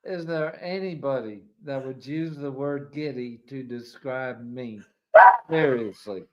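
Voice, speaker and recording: A man's voice: medium pitch, a little slow, a little mellow, highs cut off. A man co-hosting a live stream with dry, playful banter.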